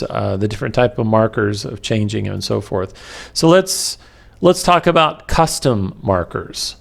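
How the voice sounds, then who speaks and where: A male instructor walks through a recorded lesson at an unhurried pace, his voice rough with a gravelly fry. He hesitates often and fills the pauses with ums and uhs, and he has the hiccups. The sound comes from a plain computer microphone. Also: medium pitch. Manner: slow, halting, many fillers and pauses. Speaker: web development instructor. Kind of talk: recorded screen-capture lecture.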